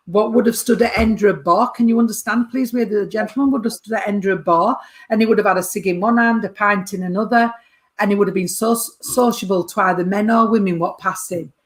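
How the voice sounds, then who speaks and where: A woman's voice: medium pitch, steady tone, a little fast. A woman giving a chatty mediumship reading to a sitter. She calls the sitter darling and sweetheart and keeps asking whether they understand. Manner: chatty, warm terms of address, keeps checking with the sitter. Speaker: spiritualist medium.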